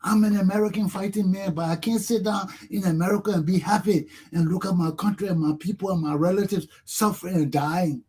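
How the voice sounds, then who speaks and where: A middle-aged man with a Liberian accent speaks in a fervent talk-show monologue. His voice sits high and has a husky edge. He drives his points home with repeated rhetorical questions. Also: steady tone, a little fast, few pauses, darkish tone. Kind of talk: impassioned monologue.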